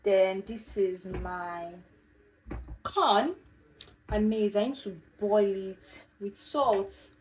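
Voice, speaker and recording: A woman's voice: mid-range voice, drawn-out words, a little hiss or hum. A young woman chats to her phone camera, telling a story and circling back over the same points. She sounds a little distant from the mic in an echoey home kitchen, with faint ambience behind her. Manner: chatty, animated storytelling, repeats herself. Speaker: vlogger. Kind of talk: casual vlog chat.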